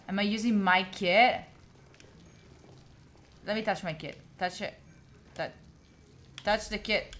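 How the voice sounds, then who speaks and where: A woman's voice: mid-range voice, fairly bright tone. A young woman with an Italian accent, a native Italian speaker, chatting casually through a game stream and talking to the characters on screen. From Italy. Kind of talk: casual gaming stream commentary.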